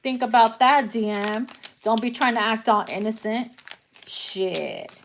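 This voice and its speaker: A young woman gives a casual tarot reading in a fairly high voice. She talks slowly, laughing often and cursing freely. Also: a little hiss or hum. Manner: brash, profane and laughing a lot. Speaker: tarot reader.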